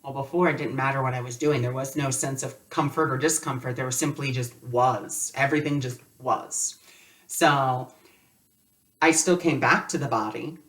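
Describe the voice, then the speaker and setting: A man's voice: mid-range voice, steady tone, moderate pace, fairly bright tone, distant mic. A man teaching a spiritual lesson in a loose, conversational way, telling personal stories with lots of casual fillers.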